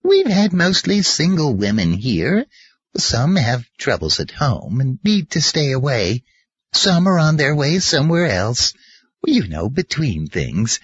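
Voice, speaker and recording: A man's voice: medium pitch, wildly swooping pitch, unhurried, breathy edge, no room sound, lo-fi sound, pitched above the performer's own voice, heavily acted. A man voicing a kindly old grandmotherly landlady with a chatty, homey manner.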